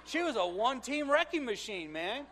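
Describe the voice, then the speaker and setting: A middle-aged male pastor preaching a sermon, swinging from loud exclamations to hushed asides as he tells stories and acts out quotes. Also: very high voice, big pitch swings, moderate pace, slight background noise.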